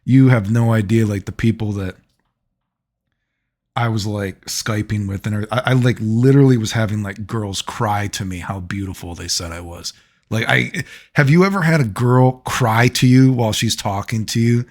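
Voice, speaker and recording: A man's voice: on the low side, moderate pace. Rambling man telling stories casually. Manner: rambling, filler-heavy, frequent laughs. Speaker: vlogger.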